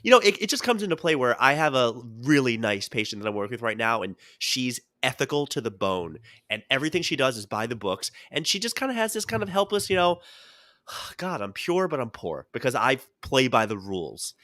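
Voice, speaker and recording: Lively, bright-voiced man on a podcast. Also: mid-range voice, a little fast, dry recording, clean studio sound. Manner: animated storyteller who jumps into quoted voices. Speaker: podcast co-host. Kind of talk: casual podcast chat.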